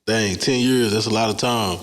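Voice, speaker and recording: A laid-back man interviews his guest in a casual, easygoing way and keeps chiming in with short affirmations. His voice sits low, and the room around him gives off a strong echo. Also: moderate pace. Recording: echoey room.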